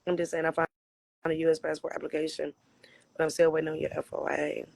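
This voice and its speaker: A man from Michigan with a raspy voice hosts a casual livestream, answering viewers' questions bluntly with frequent swearing and laughter. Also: a little high, monotone, quick pace, a little mellow. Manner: blunt, profane, laughs often. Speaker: livestream host.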